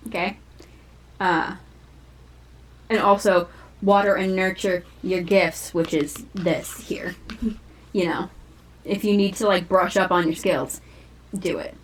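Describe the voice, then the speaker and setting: A woman's voice: medium pitch, rough recording. A woman doing a casual, rambling tarot reading for her viewers, full of fillers, asides and the odd swear word. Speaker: tarot reader.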